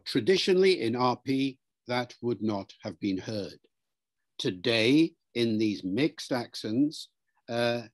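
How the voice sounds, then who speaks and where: A man's voice: mid-range voice, darkish tone. A man, a linguistics professor, explaining pronunciation in an interview in a lecturing way and demonstrating sounds aloud.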